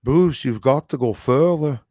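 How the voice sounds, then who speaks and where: A man's voice: mid-range voice, measured pace, mellow, dry recording, clean studio sound, natural voice. A man putting on a Scottish accent to mimic an insistent male troll, drawing out his words.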